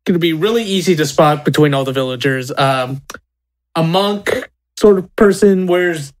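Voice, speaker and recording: A man's voice: on the high side, moderate pace. A man playing a tabletop game, chatting in a rambling, giggly way and often restarting his sentences. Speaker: player. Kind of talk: casual tabletop game play.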